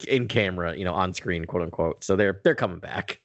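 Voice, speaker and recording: A man's voice: sits low, a little fast, no room sound, highs cut off. A man co-hosting a podcast in casual chat, laughing often and restarting his sentences. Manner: self-correcting, repeats words, laughs often. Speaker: podcast co-host.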